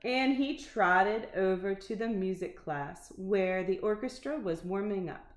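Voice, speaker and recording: Brief: woman narrating a kids' picture book, very slow and expressive, echoey room. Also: medium pitch. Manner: expressive, unhurried storytelling. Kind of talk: reading a children's picture book aloud. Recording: roomy echo.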